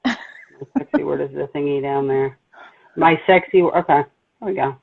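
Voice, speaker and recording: A woman's voice: sits low, brisk, creaky, slightly rough. Blunt Jersey woman on a tinny line. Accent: New Jersey. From New Jersey. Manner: blunt, animated storyteller. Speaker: psychic medium host. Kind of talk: casual livestream chat.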